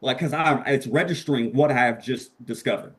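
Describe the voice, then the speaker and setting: A young man, a podcast guest, telling a story in a casual, excitable and profane way, acting out the voices he quotes. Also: mid-range voice, brisk.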